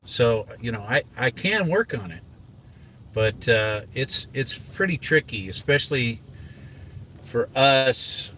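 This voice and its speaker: A man's voice: medium pitch, animated, slow, fairly bright tone, slight background noise, low-quality recording. Chatty father talking from a car. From inland California. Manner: rambling, chatty, with many fillers. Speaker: father, vlog host. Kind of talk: casual chat while driving. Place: inside a car on a drive.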